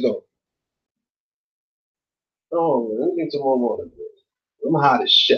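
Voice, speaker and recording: A man's voice: medium pitch, moderate pace, pauses often, breathy edge, dull audio. A man hosting a late-night casual livestream, chatting with viewers in a laid-back, rambling way, swearing often and filling his talk with "like" and "yo.". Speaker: livestream host reading chat.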